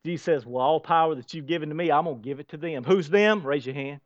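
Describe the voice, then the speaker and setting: A man preaching a sermon with a high, lively voice, throwing questions at his congregation and slipping into soft asides. The sound is dry and somewhat dull, lo-fi. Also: fast, no echo. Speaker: pastor.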